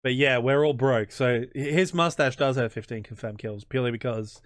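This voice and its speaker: An Australian man who hosts a history channel chats casually in an interview, joking at his own expense and restarting his sentences haltingly. His voice is mid-range, and the clean studio sound has no room echo.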